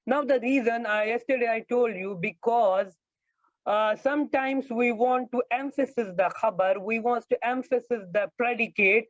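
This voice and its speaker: A man's voice: extremely high pitch, dry recording. Man teaching grammar, hesitant, dry lo-fi. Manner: slow, repetitive explaining with frequent hesitations. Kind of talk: online grammar lecture. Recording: dull lo-fi dry sound.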